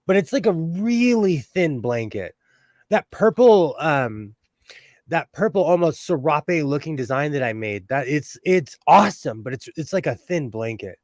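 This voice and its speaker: A man's voice: a little high, animated, unhurried, darkish tone, no room sound, studio quality. A middle-aged man hosting a casual sewing livestream from home, chatty and self-mocking, reading chat questions aloud.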